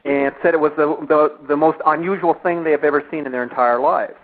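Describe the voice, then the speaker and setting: A man's voice: fairly high pitch, steady tone, fast talker. A man hosting a radio interview, giving short, agreeable replies with easy laughs. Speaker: radio host. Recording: tinny phone-line audio.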